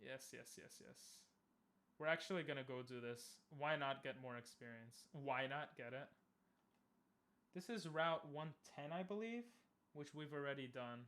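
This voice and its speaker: A young man casually commenting on a game he is playing, chatting with viewers and bursting into loud cheers. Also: mid-range voice, normal speed. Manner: talks to chat, asks viewers questions. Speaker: streamer.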